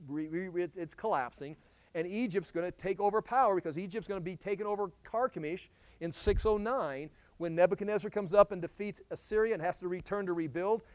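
Middle-aged man for a Bible teaching, high-voiced, dry close mic, loud emphasis dropping to low asides. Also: no echo. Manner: conversational, swings from loud emphasis to low asides, many restarts.

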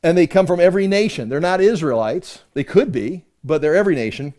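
A man's voice: on the high side, lively intonation, a little fast, darkish tone. A man teaching a conversational Bible-study sermon, reading verses aloud with emphasis and explaining them with rhetorical questions.

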